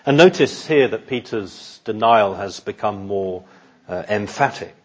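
Husky-voiced man preaching a measured sermon. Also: lowish voice, lively intonation, lo-fi sound. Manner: measured, earnest, repeats words while thinking. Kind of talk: expository sermon.

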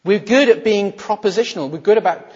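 A man, a minister, preaching a sermon with rhetorical questions, swinging between emphatic lines and hushed quoted words. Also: sits high, brisk, slightly rough. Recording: muffled, echoey hall recording.

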